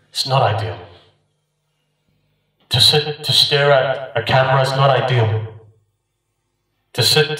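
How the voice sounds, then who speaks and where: Man, impassioned sermon, repeated refrains, mid pitch, heavy echo, off-mic. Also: sharp tone. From United Kingdom. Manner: rhythmic, repeating refrains, rising and dropping for emphasis. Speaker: speaker at a mourning gathering. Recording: very echoey, voice from a distance.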